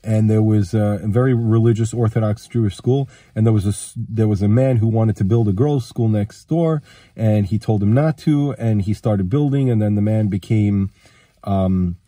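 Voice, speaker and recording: Recorded dry with clean studio sound, this man has a lowish, dark voice at a moderate pace. Suffering from a cold, he rambles through a personal story and performs the other people's lines.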